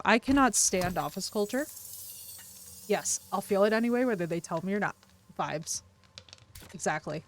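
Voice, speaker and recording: A woman streamer chatting casually with her viewers, effusive, unfiltered and animated. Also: mid-range voice, normal speed, long pauses, a little hiss or hum.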